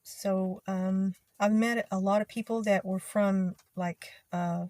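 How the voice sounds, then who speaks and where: A young woman from Texas with a Texas twang, talking casually to her channel in an easygoing, rambling way with many pauses and ums. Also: medium pitch, steady tone, a little mellow. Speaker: video creator. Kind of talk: casual talk to camera.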